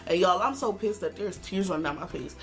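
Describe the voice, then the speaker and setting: A woman vlogger telling a story to the camera in a sassy, animated way, acting out the quotes. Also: fairly low pitch, fairly quick, faint music behind. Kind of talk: casual storytime vlog.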